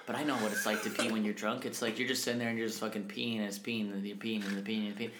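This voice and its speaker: A young man co-hosting a casual podcast, telling animated stories full of swearing and acted-out quotes. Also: lowish voice, very fast. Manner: animated storyteller, swears a lot, acts out quotes. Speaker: podcast co-host. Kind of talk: casual chat. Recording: echoey room, faint noise.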